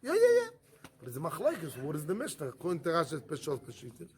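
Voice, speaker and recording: A man's voice: fairly high pitch, very fast, slight background noise. A man, a rabbi, giving a Talmud study class in non-native English, asking rhetorical questions and answering them himself. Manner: animated, acts out the arguments in first person.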